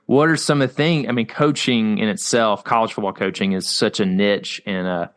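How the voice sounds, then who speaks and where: A man's voice: fairly low pitch, steady tone, moderate pace, clean tone. A man hosting a podcast, asking long, stumbling questions with many "you know"s and encouraging his guest. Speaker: podcast host. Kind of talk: podcast interview.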